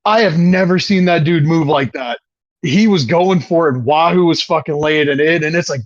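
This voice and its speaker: A man's voice: on the high side, normal speed, no echo, muffled recording. A man co-hosting a podcast in casual chat, swearing often and talking with eager enthusiasm. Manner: profane, enthusiastic wrestling fan. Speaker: podcast co-host.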